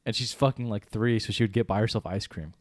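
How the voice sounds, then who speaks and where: A man's voice: lowish voice, fast, no echo, studio quality. A man co-hosting a podcast in casual chat, telling stories with frequent laughter and casual swearing. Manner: laughs often mid-story, swears casually. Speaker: podcast co-host.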